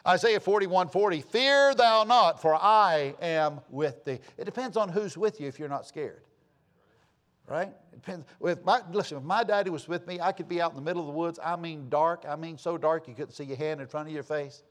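Middle-aged male preacher, folksy storyteller, slightly high voice, dramatic loud-soft swings. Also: brisk. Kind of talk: sermon with storytelling.

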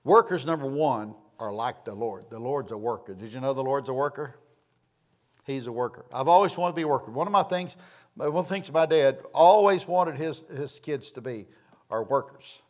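A man's voice: medium pitch, expressive, normal speed. A man preaching a sermon, a folksy, rambling storyteller who repeats phrases for emphasis. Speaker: pastor.

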